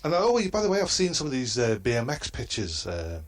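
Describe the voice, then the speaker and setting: Halting man roasting a friend. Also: medium pitch, wildly swooping pitch. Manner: halting delivery, chuckles at own crude jokes. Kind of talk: comedy roast. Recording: noisy line.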